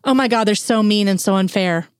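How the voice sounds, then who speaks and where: A woman's voice: mid-range voice, brisk, smooth, no room sound, clean studio sound, close to an everyday voice. A woman reading an audiobook, voicing a bubbly, ditzy young college woman with gushing valley-girl chatter. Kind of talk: audiobook character voice.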